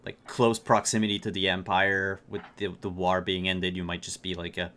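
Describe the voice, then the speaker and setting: A man running a tabletop game as game master, narrating in a relaxed way with frequent fillers. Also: low voice, moderate pace.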